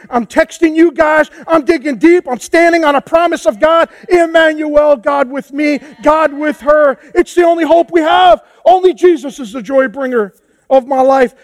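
A man preaching a passionate sermon as pastor, moving from hushed tones to shouts. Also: very high voice, dry recording. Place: church hall with a congregation.

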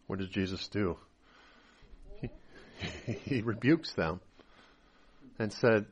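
A man preaching a sermon as a pastor, swinging between loud emphatic lines and quiet confessional asides, acting out the people he quotes. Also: on the low side, slow, long pauses, breathy edge. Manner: acts out voices of people he quotes.

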